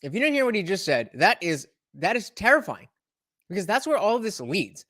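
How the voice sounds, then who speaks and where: Male reaction host, lively swinging pitch, emphatic, dry booth sound. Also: moderate pace, no room sound. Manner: animated, emphatic commentary. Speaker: YouTube commentary host. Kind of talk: reaction commentary.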